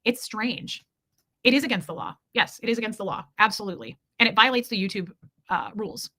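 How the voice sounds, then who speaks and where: A woman's voice: medium pitch, fairly quick, sharp tone. A woman hosting a casual livestream, answering chat in a blunt, indignant way with repeated emphasis. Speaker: livestream host reading chat.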